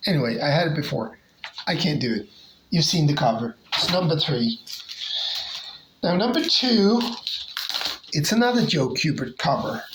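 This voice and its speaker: A comic collector casually showing off favorite covers, talking hesitantly with lots of pauses and restarts. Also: mid-range voice, fairly bright tone, a little hiss or hum, low-quality recording. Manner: hesitant, many fillers and restarts.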